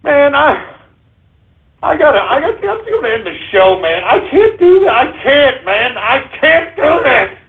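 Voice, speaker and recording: A man's voice: very high-pitched, very animated, unhurried, phone-quality sound. A male radio show host in a call-in monologue, stammering, pleading with listeners and repeating himself in exasperation. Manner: pleading, addresses listeners as folks.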